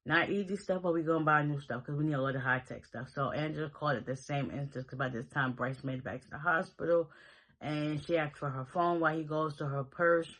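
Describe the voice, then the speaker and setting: A man with a slightly high voice recaps a TV episode in loose, casual chat. He rambles from scene to scene, slipping into quick quoted lines from the characters. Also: fairly even intonation, a bit bright, poor audio. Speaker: show recap host.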